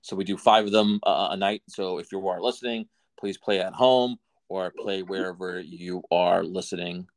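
A man's voice: deep voice, normal speed, hardly any pauses. A man hosting a podcast in casual chat, dry and wry, leaning on fillers as he introduces a segment. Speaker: podcast host.

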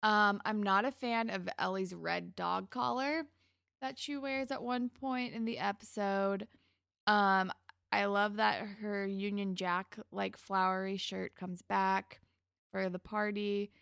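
A podcast co-host with a mid-range, creaky voice speaks with fairly even intonation and a fairly bright, clear, resonant tone, recorded studio-quality with no echo. She's chatty, recapping a TV episode, laughing often and quoting characters in quick asides.

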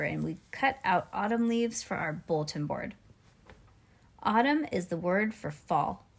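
A woman reading a children's chapter book aloud in a lively, expressive way. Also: mid-range voice, husky. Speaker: reader.

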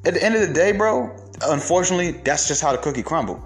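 A man's voice: fairly high pitch, expressive, very fast, soft background music. A man hosting his show in a casual, profane monologue, telling stories animatedly. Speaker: show host.

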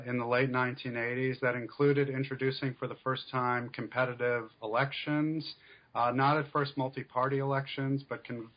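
A man of middle pitch explains his points in a measured, academic way and fills his pauses with "uh" and "um". The audio is dull and lo-fi, like a podcast interview recorded over a modest connection. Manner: measured, explanatory, many fillers. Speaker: author and scholar guest.

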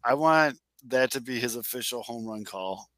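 A man's voice: mid-range voice, moderate pace, fairly bright tone, dry recording. A man co-hosting a sports podcast, telling stories animatedly and swearing casually. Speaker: podcast co-host.

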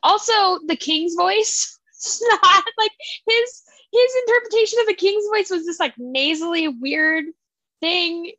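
High-voiced chatty young woman. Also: a little slow, no room sound, highs cut off. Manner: animated, full of asides and acted-out quotes. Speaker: podcast co-host. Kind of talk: casual chat about books.

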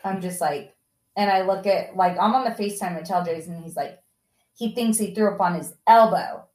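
A woman's voice: on the low side, normal speed, roomy sound, rough recording. A mother telling a story on a podcast, casually, acting out what people said in a raised voice. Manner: animated, acts out quotes in raised voice.

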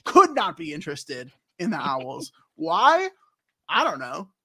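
Animated high-voiced man recapping a game. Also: slow pace, breathy edge. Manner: animated, jokey, acts out characters in silly voices. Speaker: podcast co-host recapping a video game. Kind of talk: casual recap chat.

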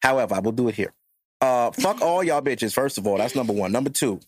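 A man's voice: medium pitch, expressive, fast talker. A man in his thirties hosting a podcast, talking bluntly and profanely in casual chat. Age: 30s. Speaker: podcast host.

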